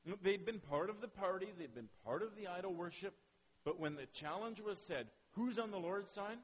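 A man preaching a sermon in an animated way, firing off rhetorical questions and checking in with his listeners. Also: high voice, fairly quick, slightly rough, rough recording.

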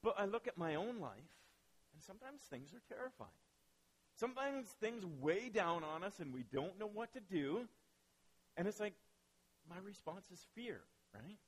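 A man preaching a sermon as pastor, telling stories with lively asides and acting out quoted voices. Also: high voice, moderate pace, slightly rough, poor audio.

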